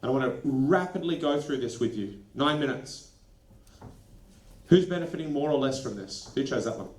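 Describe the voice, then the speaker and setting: A man presenting a lively workshop to school leaders, animated and acting out quick snippets of dialogue. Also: medium pitch. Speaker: education consultant presenting a workshop. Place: training venue. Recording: echoey room.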